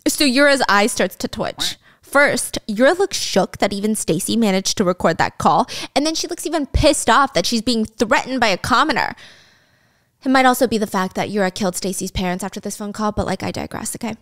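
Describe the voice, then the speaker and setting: A woman's voice: mid-range voice, expressive, a little fast, fairly bright tone. A woman casually recapping a drama story, chatty and sarcastic, with swearing and laughing asides.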